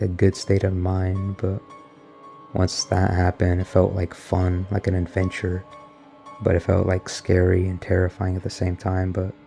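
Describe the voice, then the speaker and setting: A young man tells his story in a deep, gravelly voice that stays almost monotone. He talks in a loose, rambling way, packed with filler words, and his tone is dark and mellow. Soft music plays faintly underneath. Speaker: vlogger recounting an experience. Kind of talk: casual spoken retelling.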